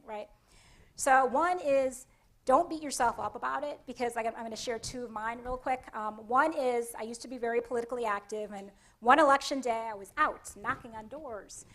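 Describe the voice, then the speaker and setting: Woman, Connecticut accent, conference presenter, conversational, asks the audience questions, somewhat high-pitched. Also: moderate pace, fairly bright tone. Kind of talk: conference workshop talk.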